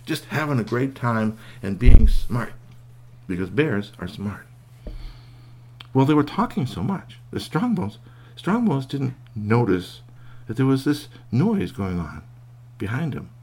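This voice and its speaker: A man telling a children's tale in a folksy, animated way. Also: mid-range voice, husky. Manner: lively, folksy, puts on voices for animals. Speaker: storyteller. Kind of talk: oral storytelling.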